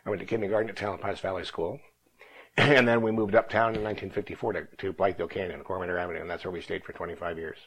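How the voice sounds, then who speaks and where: A man's voice: low voice, steady tone, slightly rough, low-quality recording. A man in his seventies from Northern California, reminiscing in a rambling oral history interview. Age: 70s. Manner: fast, rambling reminiscing with restarts.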